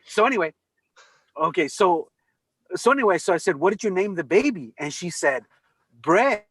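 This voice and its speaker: Animated high-voiced man telling stories. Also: a little fast, slightly rough, no echo. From California. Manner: animated storyteller, swears freely. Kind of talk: casual chat. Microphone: video call.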